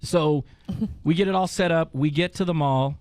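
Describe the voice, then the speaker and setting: A man's voice: on the high side, normal speed, darkish tone, no echo. A man hosting a casual chat, telling a long story with swearing and laughter. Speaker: podcast host.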